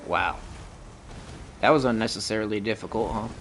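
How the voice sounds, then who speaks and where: Low-voiced midwest dude streaming, rambly and cursing a lot, bit of faint noise behind him. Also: male voice, normal speed. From Midwestern United States. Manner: profane, rambling, talks to chat. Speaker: game streamer. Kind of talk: casual live-stream chat while playing.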